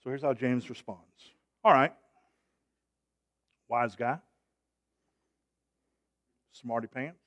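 A man preaching a sermon, emphatic, with call-and-response and loud rising peaks. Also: mid-range voice, takes it slowly, pauses often.

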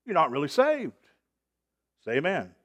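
A man's voice: fairly high pitch, wildly swooping pitch, normal speed, muffled recording. A man preaching a sermon as pastor, emphatic and rising in volume on key points.

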